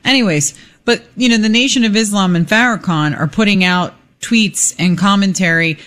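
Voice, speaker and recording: A co-host on a talk radio show, chatting in an animated, playful way. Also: mid-range voice, moderate pace. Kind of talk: casual talk radio banter.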